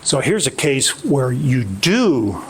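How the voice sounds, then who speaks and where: A middle-aged man, an author, telling a personal story at a book talk in a halting way, with many restarts and fillers. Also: mid-range voice, sing-song, slight background noise.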